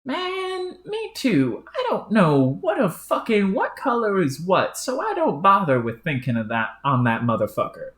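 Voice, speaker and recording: A woman's voice: medium pitch, huge pitch swings, unhurried, hardly any pauses, voice pushed up. A woman voicing a laid-back, spaced-out male troll clown with a dazed, drawling, profane manner, in a roomy-sounding recording. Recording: roomy echo.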